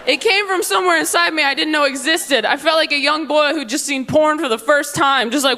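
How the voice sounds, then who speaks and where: A woman's voice: high voice, brisk, pushed and bright, slight background noise. A young woman doing a stand-up comedy set on stage. She delivers punchy, playful lines and slips into mocking voices for the people in her stories. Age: young adult. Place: comedy stage before a live audience.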